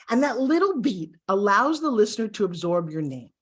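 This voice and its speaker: Animated American woman coaching to camera. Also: medium pitch, normal speed, hardly any pauses, husky. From United States. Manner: animated, acts out little quoted exchanges; coaching, speaks straight to the viewer. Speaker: course instructor. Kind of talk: direct-to-camera online lesson.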